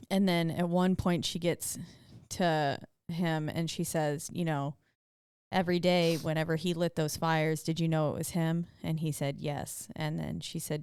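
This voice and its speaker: A woman's voice: deep voice, a little mellow, clean tone, no echo, studio quality. A woman co-hosting a casual movie recap chat, retelling scenes and quoting characters with playful sass. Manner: chatty storyteller, quotes characters with playful sass. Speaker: podcast co-host.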